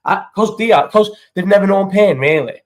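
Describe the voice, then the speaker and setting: Sweary man, higher voice. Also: moderate pace. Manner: sweary, rambling, excitable banter. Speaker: live stream host. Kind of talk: casual live chat reading out viewer comments. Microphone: phone.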